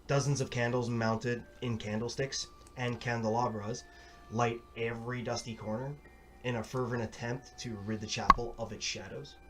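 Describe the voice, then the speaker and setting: A man narrating a tabletop adventure as dungeon master. He builds the scene slowly and dramatically, dropping in casual fillers. Faint music plays under his voice. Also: medium pitch, far from the mic.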